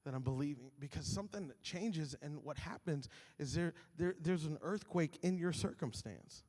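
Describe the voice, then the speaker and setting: A man's voice: a little high, moderate pace, a little mellow, in a large hall. A male pastor preaching a sermon, telling stories animatedly and acting out his own grumbling.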